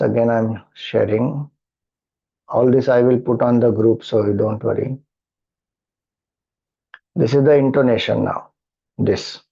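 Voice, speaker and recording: A man's voice: mid-range voice, muffled recording. A man with an Indian English accent patiently explaining a Vedic mantra and how to chant it. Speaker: spiritual teacher.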